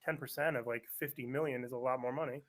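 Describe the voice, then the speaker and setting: A man, a comedian guest, telling animated stories in casual chat. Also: mid-range voice, quick pace. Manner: animated storyteller, acts out quoted voices.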